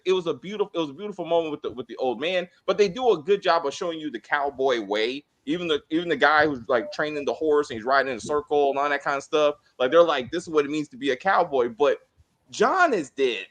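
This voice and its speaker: A man co-hosts a casual review chat, acting out the characters' lines in mock voices. His voice sits a little high and jumps around a lot, with plenty of swing in his pitch. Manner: animated, acts out quotes in mock voices. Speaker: co-host of a TV review show.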